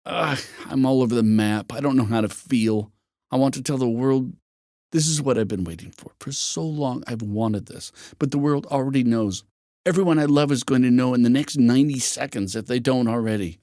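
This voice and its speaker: Man doing upset young wife, high pleading questions, dry close read, audiobook. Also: moderate pace, dark tone, no room sound, natural voice. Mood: distressed. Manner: questions in a raised, pleading pitch.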